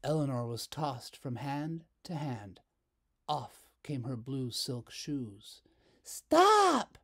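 A man reading a children's picture book aloud as storyteller, slow and expressive. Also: mid-range voice, husky.

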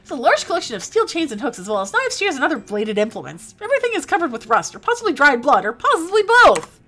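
A woman's voice: high voice, very animated, quick pace, bright, forceful tone, faint music behind. A young woman streaming a game live, chatting casually and reading game text aloud playfully.

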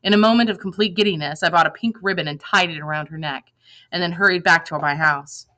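A woman reading a novel aloud in lively first-person narration, acting out the dialogue. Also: lowish voice, fast talker, poor audio. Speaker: reader.

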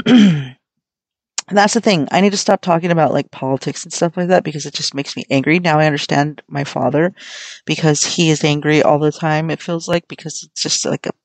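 In a dry recording, a young adult woman from the United States chats on her solo podcast, rambling candidly and cursing a lot. She speaks a little fast with a low-pitched voice.

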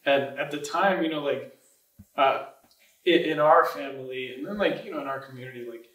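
A man's voice: fairly high pitch, normal speed, a bit bright. A man hosting a podcast, chatting loosely with many fillers and recording on a laptop. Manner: loose, full of fillers like "like" and "you know". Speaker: podcast host. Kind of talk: casual podcast interview. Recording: roomy room, distant mic.

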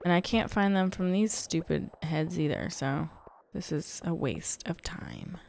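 A young woman hosting a casual let's-play, muttering in exasperation and then bursting into relieved excitement. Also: on the low side, unhurried, gravelly, slight background noise. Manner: animated, exasperated muttering with sudden joyful outbursts. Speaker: gaming channel host.

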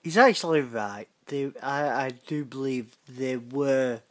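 A man's voice: medium pitch, measured pace. A British man hosting a gaming channel, reacting to voicemails in a laid-back, swearing, laughing way. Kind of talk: casual reaction commentary.

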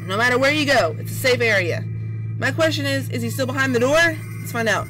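A woman's voice: sits high, expressive, a little fast, rough recording. A woman commenting on her own horror game play, panicky and nervously repeating words. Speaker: gamer playing a horror game. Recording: game music playing behind.

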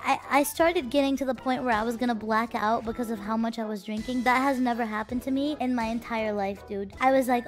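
A young woman streamer tells her viewers a story in a casual, animated way, swinging between loud and hushed and sounding defensive. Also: a little high, fairly quick, few pauses, soft background music.

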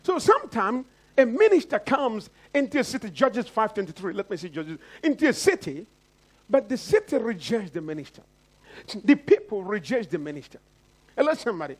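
A pastor from Nigeria preaches in a sing-song, brisk male voice, repeatedly calling out to the congregation. He acts out the voices he quotes with big swings in pitch.

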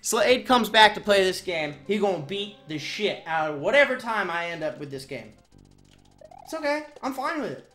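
A woman streaming a speedrun, talking in a joking, excitable way that swings to shouting, in an echoey room. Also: medium pitch. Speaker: video game streamer. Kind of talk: live-stream commentary while speedrunning.

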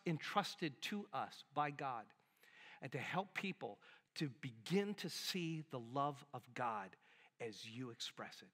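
A man preaching a sermon as a pastor, animated and conversational, acting out little quotes as he goes. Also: a little high. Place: church sanctuary. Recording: long hall reverb in a church.

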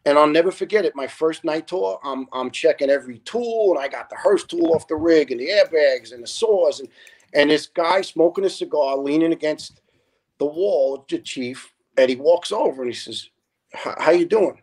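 A middle-aged retired fire lieutenant, a guest in a casual interview, telling stories earnestly and acting out the people in them. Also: male voice, on the high side, lively intonation, moderate pace, darkish tone, rough recording. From New York. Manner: earnest storyteller, quotes people in their own voices.

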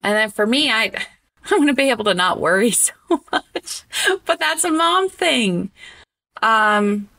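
A woman guest in a casual interview conversation who talks with animated expression and often stops on an um. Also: a little high, a little slow, creaky. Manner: animated and expressive, breaks into laughter; hesitant with frequent ums.

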